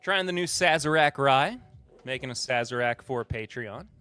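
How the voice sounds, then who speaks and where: A man's voice: medium pitch, moderate pace, bright, forceful tone, clean tone. A man in his thirties from the Southern United States, hosting a casual livestream podcast and rambling with lots of fillers and restarts. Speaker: podcast host.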